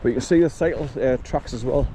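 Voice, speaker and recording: A man's voice: medium pitch, warm tone, rough recording. A man, chatting while walking outdoors in windy drizzle, filmed on a chest-mounted camera. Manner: chatty, talks to his dog between remarks. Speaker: vlogger. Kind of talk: casual walking vlog. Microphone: camera on chest harness. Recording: strong wind noise on mic. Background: wind and rushing water.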